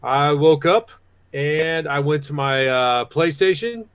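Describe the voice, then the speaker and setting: Higher-voiced man, dry close sound. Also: takes it slowly, smooth, dry recording. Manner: hesitant, searching for words. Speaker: podcast co-host. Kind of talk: casual chat.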